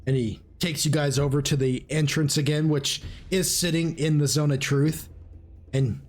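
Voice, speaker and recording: A man runs a tabletop game and narrates in a loose, halting way. His voice sits a little high, with laughs in between, over faint background music. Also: fairly even intonation. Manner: casual, halting, frequent laughs and restarts. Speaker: game master.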